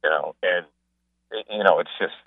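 A man chatting casually as a guest on a radio show, an animated storyteller who mimics the people he describes. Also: low voice, normal speed, no echo. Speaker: sports broadcaster and guest. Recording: phone line.

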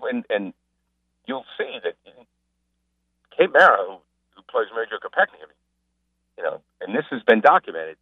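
A man chatting casually as a guest on a radio show, an animated storyteller who mimics the people he describes. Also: lowish voice, no room sound. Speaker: sports broadcaster and guest. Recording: phone line.

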